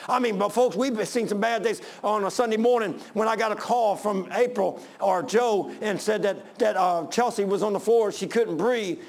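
Gravelly high-voiced preaching man. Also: normal speed, hardly any pauses. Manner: impassioned preaching, rising to shouts, with repetition. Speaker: pastor. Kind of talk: sermon. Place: church sanctuary with congregation.

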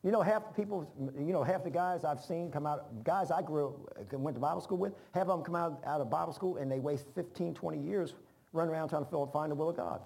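A man's voice: on the high side, a little fast, creaky, darkish tone. A man preaching an informal sermon, folksy and rambling, repeating phrases for emphasis. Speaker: pastor.

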